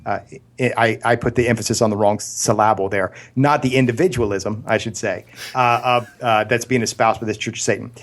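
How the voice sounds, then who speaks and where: A man's voice: on the low side, flat delivery, brisk, a bit bright. A man co-hosting a casual podcast, arguing earnestly with stumbling restarts and absurd analogies. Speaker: podcast co-host. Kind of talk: casual argumentative discussion.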